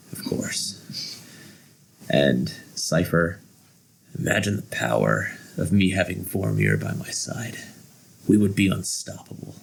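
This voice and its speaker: Casting: a man playing a silky, menacing sorcerer who wants to be a god, low gravelly voice. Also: heavily acted, poor audio. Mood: persuasive. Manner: smooth, persuasive, menacing. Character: power-hungry male sorcerer claiming godhood.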